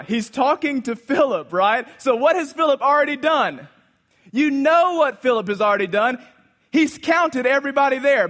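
A man preaching a sermon, swinging between loud exclamations and hushed asides as he retells a Bible story. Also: high-pitched. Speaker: pastor.

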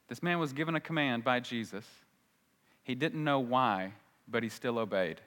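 A man's voice: mid-range voice, lively intonation, moderate pace, a bit bright. A man preaching a sermon as a pastor, talking in a conversational way and often asking the congregation rhetorical questions. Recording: long hall reverb.

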